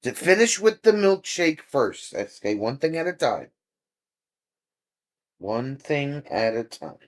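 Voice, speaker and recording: A man's voice: mid-range voice, sing-song, unhurried. A man hosting a casual livestream, chatting easygoing with viewers, reading their comments aloud and chuckling often. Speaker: livestream host. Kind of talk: casual chat with live viewers.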